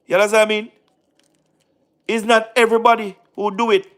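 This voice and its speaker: A tired man with a Jamaican accent talks casually to his live-stream audience in a slightly high voice. He slips into patois, repeats himself for emphasis, and calls out viewers by name. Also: flat delivery, fairly quick, fairly bright tone.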